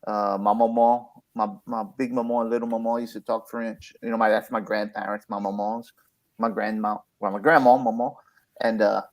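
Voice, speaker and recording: A man's voice: fairly low pitch, level tone, moderate pace. Older male host, rambling casual chat with lots of laughs. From Louisiana. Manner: rambling, repeats himself, laughs often.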